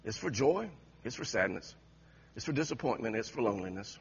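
A sober, emphatic creator God, as a husky-voiced preacher speaks for him. The voice is low and breathy, close to the speaker's own, and the recording sounds dull and lo-fi. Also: male voice, big pitch swings, brisk, heavily acted. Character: proud, tender creator God, male, unhurried.

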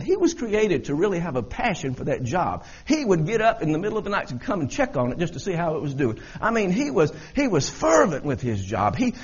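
Man, husky and animated, earnest testimony, muffled lo-fi sound. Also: fairly high pitch. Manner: earnest, repetitive storytelling. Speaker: speaker giving a testimony. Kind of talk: personal testimony storytelling. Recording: dull lo-fi recording.

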